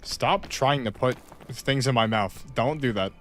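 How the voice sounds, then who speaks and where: A man's voice: medium pitch, a little slow, soft background music. A man giving casual, joking gameplay commentary to a friend, making mock-dramatic complaints. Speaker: video game player.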